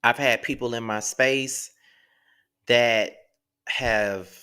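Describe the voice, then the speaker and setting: A man's voice: mid-range voice, steady tone, slow, sharp tone, clear, resonant tone. A man in his thirties hosting his own online show, talking emotionally to his viewers and close to tears, repeating himself as he thanks them. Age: 30s. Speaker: YouTube show host.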